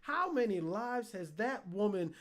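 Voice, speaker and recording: A man's voice: high voice, very animated, measured pace. A man hosting a talk show, giving comic commentary with playful exaggeration and repeated words as he builds up a story. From Decatur. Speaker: podcast host. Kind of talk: comedic commentary.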